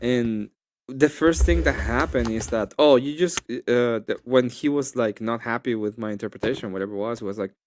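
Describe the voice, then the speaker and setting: A man in casual chat, retelling an argument in an animated, rambling way full of restarts. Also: medium pitch, moderate pace, dry recording, clean studio sound. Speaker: guest.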